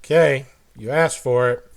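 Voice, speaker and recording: A man's voice: medium pitch, measured pace, vocal fry. A man voicing a cocky, defiant male adventurer ally who talks in a dry drawl.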